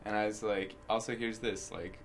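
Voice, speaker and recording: A man's voice: fairly low pitch, steady tone, moderate pace, a little hiss or hum. A young man co-hosting a student podcast, chatting casually and rambling with constant fillers. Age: young adult. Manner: rambling, peppered with "like", bursts into loud laughter. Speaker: co-host.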